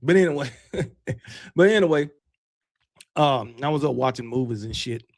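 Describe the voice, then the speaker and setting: A man's voice: mid-range voice, animated, normal speed. A man hosting a college football livestream, chatting casually in a loose, fired-up and brash way with mild cursing. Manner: talks with candy in his mouth. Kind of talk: casual live-stream chat.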